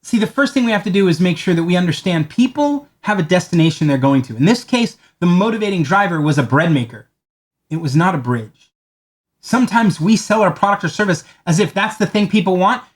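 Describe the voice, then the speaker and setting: Animated man telling a story. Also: brisk. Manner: animated storyteller, acts out quoted lines in a higher voice; conversational, repeats words as he talks. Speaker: marketing speaker. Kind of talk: storytelling talk to camera.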